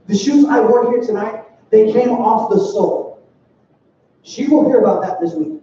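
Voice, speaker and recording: A man's voice: very high voice, moderate pace, mellow, a little hiss or hum. A young man giving a youth sermon as youth pastor, talking casually and acting out quoted voices. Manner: conversational, acts out quoted voices. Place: church hall. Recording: far, dull and roomy hall sound.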